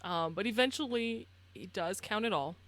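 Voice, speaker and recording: Bright, lively woman game master. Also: mid-range voice, moderate pace, no echo. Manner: animated, descriptive storytelling with fillers. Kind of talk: narrating a tabletop game.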